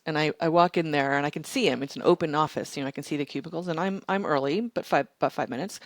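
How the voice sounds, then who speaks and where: A middle-aged woman founder telling stories in an interview, animated and blunt, swearing and acting out other people's lines. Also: low-pitched, no echo. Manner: animated, profane, quotes others in raised voice. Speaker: startup founder and CEO, guest. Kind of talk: candid interview storytelling.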